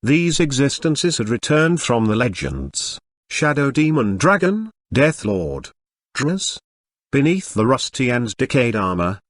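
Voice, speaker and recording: Lively synthetic male narrator. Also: mid-range voice, no echo, clean studio sound. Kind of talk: scripted audiobook narration.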